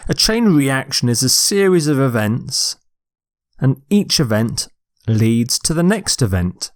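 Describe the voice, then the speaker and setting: Slow, deliberate male English teacher. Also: mid-range voice, big pitch swings. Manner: slow, deliberate, stressing syllables. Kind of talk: recorded vocabulary lecture.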